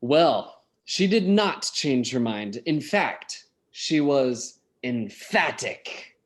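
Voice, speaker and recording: Slow-speaking male English teacher. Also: mid-range voice, lively intonation. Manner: slow, encouraging, asks students questions. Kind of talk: online class teaching.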